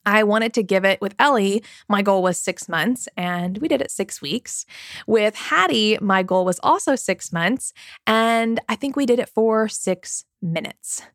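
A woman's voice: mid-range voice, measured pace, fairly bright tone, no echo. Chatty woman podcast host, dry sound. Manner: candid, chatty, confiding with listeners. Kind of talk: personal story on a parenting podcast. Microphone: studio microphone.

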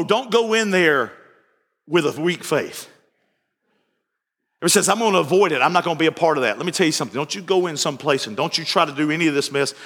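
A pastor preaches with a high, bright, ringing voice, acting out the dialogue of his stories. He repeats phrases as he drives his points home. The sound rolls around a reverberant church hall. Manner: folksy storytelling, repeats phrases, acts out dialogue. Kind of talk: evening sermon with anecdotes. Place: church sanctuary.

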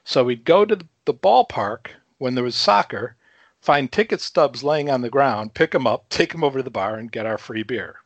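Animated storytelling man in his fifties. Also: mid-range voice, normal speed, dry recording, dull audio. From Chicago. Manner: animated storyteller, swears freely, chuckles between lines. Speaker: podcast guest. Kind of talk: casual storytelling.

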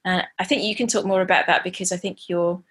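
A woman co-hosting a parenting podcast, speaking thoughtfully and haltingly, with many pauses and restarts. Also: on the low side, steady tone, fairly bright tone, husky. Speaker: podcast co-host. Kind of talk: casual parenting chat.

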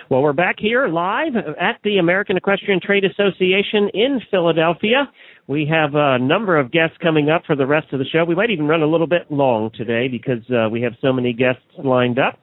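A chatty man hosts a live radio interview, slightly higher-pitched than most men. His talk is loose and joking, full of "uh"s. The sound is dry and narrow like a phone line. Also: a little fast, no echo. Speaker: radio show host. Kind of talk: live trade-show interview and ad read.

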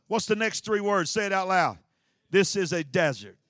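Male pastor, high tenor, dry close sound, preaches hard and shouts often. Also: expressive, normal speed, no room sound. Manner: preaching with frequent shouts and repeated phrases. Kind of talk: energetic sermon.

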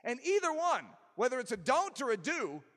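A man preaching a sermon, emphatic and animated, with touches of self-deprecating humor. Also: very high-pitched, normal speed. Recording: long reverb of a large hall.

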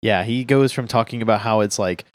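A man chatting casually on a podcast, retelling scenes and acting out characters with animated voices. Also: lowish voice, fairly quick, no room sound. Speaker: podcast co-host. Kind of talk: casual chat recapping a manga.

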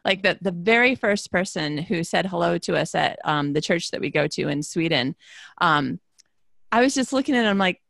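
A friendly woman host with a Michigan accent and a gravelly, fry-edged voice. She reacts with bright exclamations. Her voice sounds close and dry. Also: lowish voice, animated, normal speed, no room sound. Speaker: interview host. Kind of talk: casual interview chat.

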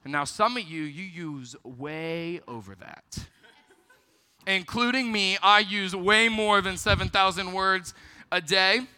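High-voiced young man, sermon to teens, ringing hall reverb. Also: slow, smooth. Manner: storytelling, lively, self-deprecating. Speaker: youth pastor. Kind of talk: youth ministry sermon.

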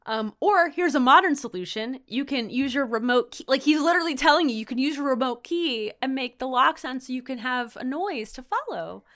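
A woman's voice: sits high, lively intonation, brisk, hardly any pauses, a bit bright. A woman co-hosting a podcast, casually recapping a TV episode in a rambling way, full of "like" and "um". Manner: rambling, full of "like" and "um", acts out quotes in silly voices. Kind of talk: casual comedic recap chat.

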